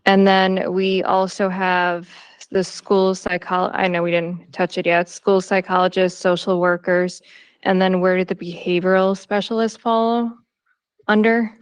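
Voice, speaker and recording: A woman's voice: fairly low pitch, level tone, a little slow, smooth, dry recording. A woman board member asking clarifying questions at a meeting, going through the figures point by point. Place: town hall meeting room.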